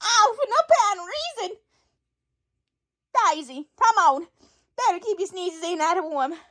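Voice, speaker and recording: A woman voicing a cheerful, flirty country farm woman who yells at her animals, with a folksy drawl. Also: extremely high pitch, lively intonation, normal speed.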